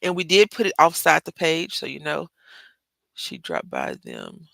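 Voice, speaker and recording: A woman's voice: low voice, huge pitch swings, unhurried, gravelly, a bit bright, dry recording. A woman with a Southern Texas accent hosting a casual live craft tutorial, chatty and rambling, often addressing viewers as y'all. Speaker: craft livestream host.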